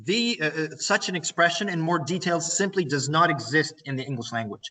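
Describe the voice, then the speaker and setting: A man's voice: a little high, expressive, normal speed, few pauses, sharp tone. A man with a Ukrainian accent, a native Ukrainian speaker, teaching business English in an online lesson, explaining phrases, repeating them and stressing grammar points. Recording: voice a bit far from the mic.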